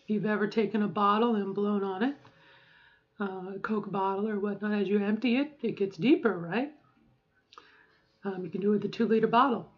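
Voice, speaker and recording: A middle-aged woman at mid pitch, chatting loosely through a voice-training vlog. She wanders from thought to thought and keeps tagging "okay?" onto her points. The recording sounds a bit dull and lo-fi. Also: steady tone, a little fast. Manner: rambling, keeps adding "okay?". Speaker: vlogger.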